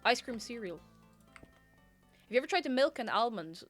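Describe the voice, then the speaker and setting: A woman's voice: a little high, very animated, moderate pace, a bit bright, faint music behind. Rambling, giggly woman livestreamer. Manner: rambling, giggly and self-mocking. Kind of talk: casual chat reading viewer messages.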